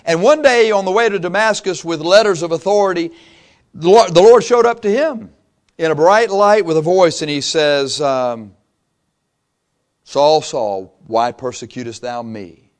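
A man preaching a sermon, impassioned and emphatic, swinging from loud peaks to quiet asides and repeating phrases for emphasis. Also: high voice, moderate pace.

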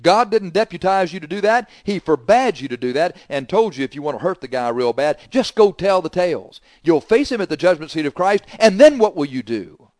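Forceful preacher man, dry sound. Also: sits high, big pitch swings, brisk, few pauses, no room sound. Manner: forceful, scolding, swings from loud emphasis to quiet asides. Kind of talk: sermon.

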